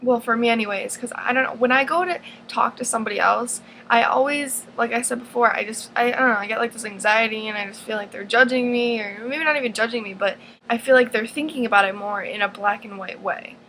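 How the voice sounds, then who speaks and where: A woman's voice: on the high side, fast, sharp tone, a little hiss or hum, poor audio. A teenage girl in her own advice vlog, talking earnestly and rambling, with lots of fillers and restarts. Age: teens. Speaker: vlogger.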